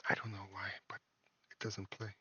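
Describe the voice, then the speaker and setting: A man, an indie game developer and a father, talks through his game in a casual devlog, halting and full of fillers and restarts. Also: low voice, completely flat delivery, pushed and bright, husky, dry recording, highs cut off. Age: adult, a parent. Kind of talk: casual screen-recorded devlog.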